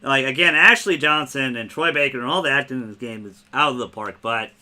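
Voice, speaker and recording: Bright-voiced man chatting excitedly. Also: medium pitch, brisk. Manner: excited, swears freely, retells scenes by quoting lines. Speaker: podcast host. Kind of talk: casual podcast chat.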